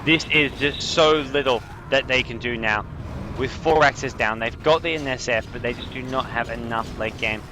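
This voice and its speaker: A young man casting a video game match on his own, with a slight French accent, explaining strategy calmly and getting excited on big plays. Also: mid-range voice, moderate pace, a little hiss or hum. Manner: analytical, rising to excited bursts on big plays. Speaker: esports caster. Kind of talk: solo game commentary.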